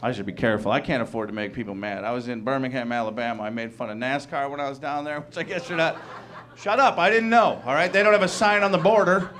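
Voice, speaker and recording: Animated stand-up comedian man. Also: mid-range voice, fast. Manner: loud, animated, laughing through punchlines.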